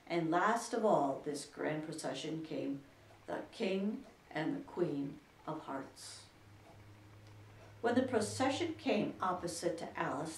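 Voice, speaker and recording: A woman's voice: lowish voice, a little mellow, distant mic, a little hiss or hum. Woman reading a storybook in an echoey room. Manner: slow, deliberate reading. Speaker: children's librarian reading aloud. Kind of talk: storybook read-aloud. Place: library.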